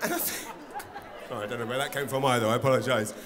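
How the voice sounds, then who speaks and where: A man doing a stand-up set, animated and profane, acting out bits of dialogue. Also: medium pitch, fast. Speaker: stand-up comedian. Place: large theatre stage with a live audience. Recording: theatre reverb with faint crowd noise.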